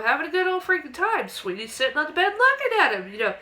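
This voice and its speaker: A woman's voice: very high voice, sing-song, fast, bright, forceful tone, rough recording. A young woman vlogger casually telling a personal ghost story to camera, acting out quotes in a raised childlike voice.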